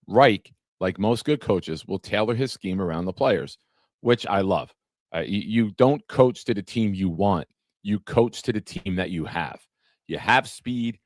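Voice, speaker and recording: A man's voice sits on the low side with a darkish tone, lively intonation, and a slightly slow delivery. As podcast host of a casual live-streamed sports talk show, he addresses viewers by name and reads from an article. The sound is studio quality with no echo.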